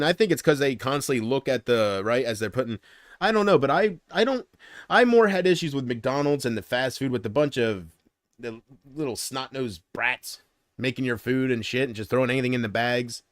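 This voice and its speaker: A man talks casually to his livestream viewers in a dry, close-sounding room. He rambles and gripes, getting loud over small annoyances, then dropping into muttered asides. His pitch sits in a middling range and his sentences often trail off. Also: no echo.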